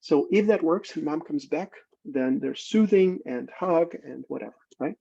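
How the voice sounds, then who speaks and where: A man lecturing at a seminar in a mellow, husky voice with a gravelly edge. He checks in with his listeners with a frequent "right?" and repeats words as he thinks. The recording sounds muffled and lo-fi. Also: on the high side, moderate pace. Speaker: clinical psychologist lecturing.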